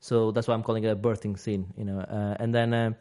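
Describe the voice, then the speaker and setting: A man's voice: on the low side, flat delivery, fast talker, mellow. Rambling male podcast host. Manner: rambling, restarts sentences often, laughs easily. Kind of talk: casual podcast chat about games.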